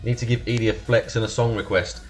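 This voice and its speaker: A young man from Essex chats to his stream in a broad estuary accent, loose and sweary, laughing easily and calling out followers by name. His voice sits at an ordinary middle pitch. Soft music plays faintly underneath. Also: little pitch movement, fast talker. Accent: Essex estuary English. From Essex, England. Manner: chatty and swearing, thanking followers, laughs often. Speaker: livestream host. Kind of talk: casual live-stream chat with viewers.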